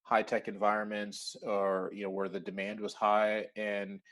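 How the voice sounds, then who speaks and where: Animated, low-voiced man chatting. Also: normal speed. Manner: animated, many fillers and acted-out quotes. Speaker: interview guest, recruiting firm founder. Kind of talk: casual conversational interview.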